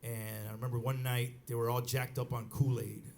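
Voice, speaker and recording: A middle-aged bandleader telling a rambling story on stage at a live club, with many restarts and acted quotes. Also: male voice, mid-range voice, level tone, brisk, vocal fry, a little mellow. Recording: live club recording with faint crowd noise.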